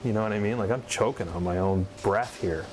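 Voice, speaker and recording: Low-voiced man telling a story. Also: a little fast, slight background noise, poor audio. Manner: animated storytelling with laughs. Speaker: former coworker interviewee. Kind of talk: casual documentary interview.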